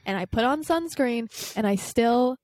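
A woman's voice: on the high side, lively intonation, a little slow, darkish tone, no echo. A woman in her twenties co-hosting a podcast, chatting casually with lots of "like" fillers. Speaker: podcast co-host. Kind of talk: casual chat.

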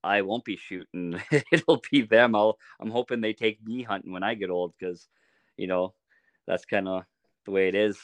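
A middle-aged man telling stories in a relaxed, casual way as a podcast guest, often laughing as he talks. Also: lowish voice, normal speed, no echo. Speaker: podcast guest, archery shop owner. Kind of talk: casual storytelling.

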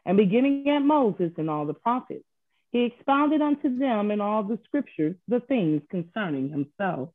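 A woman reads scripture aloud in a measured, formal way, her voice rising and falling with lively pitch. She comes through a tinny phone line, dry and close. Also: no echo. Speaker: scripture reader in a class.

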